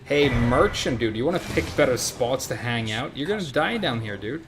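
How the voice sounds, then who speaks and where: Casual male game streamer with a Swedish accent, mid-pitched and chatty, steady noise in the background. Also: moderate pace. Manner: chatty, talks to viewers and in-game characters. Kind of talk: casual live gameplay commentary.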